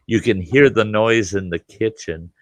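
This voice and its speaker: A man with a very deep, low voice speaks in a casual group conversation, recorded dry and close with no room echo. He talks earnestly, stumbles over his starts and repeats words as he gets going. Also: a little slow, muffled recording. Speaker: host. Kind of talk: casual chat.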